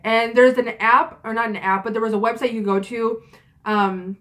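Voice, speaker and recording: Steady and fairly bright, her slightly high voice moves at a moderate pace as she narrates a story in a casual vlog. She's a young woman in her twenties, frank and talkative, cursing and using many fillers.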